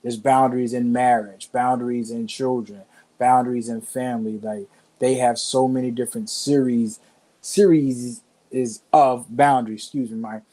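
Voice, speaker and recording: Male co-host with a Southern country accent, warm and mellow tone, relaxed folksy delivery. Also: medium pitch, moderate pace, rough recording. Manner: laid-back, folksy, conversational, says "man" and "you know". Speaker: church co-host of a sermon recap. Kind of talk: casual church recap talk.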